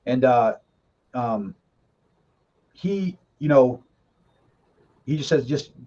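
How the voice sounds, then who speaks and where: Very slow and mellow, this middle-aged man's expressive mid-range voice carries his story as a guest in a casual chat. He's candid and emphatic, throwing in some swearing, heard through a dull lo-fi recording.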